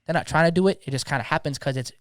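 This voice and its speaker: A man's voice: a little high, rapid-fire, dry recording, studio quality. A young man, talking passionately in a slangy, casual podcast conversation, often repeating words as he gets going. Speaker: DJ guest.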